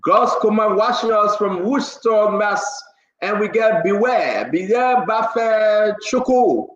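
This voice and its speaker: A man's voice: sits high, measured pace, reverberant, muffled recording. A man, hosting a live show and teasingly greeting viewers by name. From Liberia. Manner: teasing, lively shout-outs. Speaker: show host.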